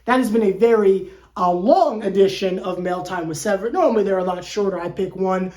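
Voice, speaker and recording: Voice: mid-range voice, brisk, few pauses, a little mellow. Stammering, joking sports fan host. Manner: stammering restarts, repeats words; joking, slangy, conversational. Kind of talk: casual fan commentary rant to camera. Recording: roomy echo.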